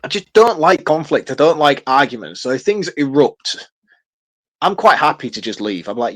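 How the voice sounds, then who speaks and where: A middle-aged man co-hosting a podcast, chatting casually about a film and telling relaxed stories with frequent chuckles. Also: a little high, moderate pace. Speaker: podcast co-host. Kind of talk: casual film review chat.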